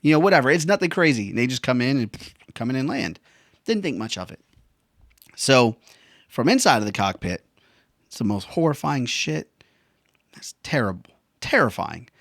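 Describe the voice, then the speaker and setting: A man's voice: mid-range voice, very animated, moderate pace, pauses often, fairly bright tone, no echo, studio quality. A veteran man telling a personal story in a casual, slangy way, often saying bro and man. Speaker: veteran vlogger.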